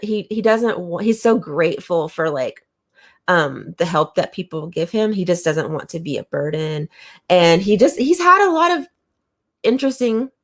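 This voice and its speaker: A woman reviewing manga in a casual chat to camera, talking enthusiastically with lots of fillers and restarts. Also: mid-range voice.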